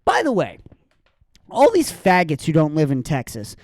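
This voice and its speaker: A woman's voice: deep voice, wildly swooping pitch, moderate pace, darkish tone, no echo. A woman hosting a solo podcast, ranting in a heated, sarcastic and profane way. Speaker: podcast host.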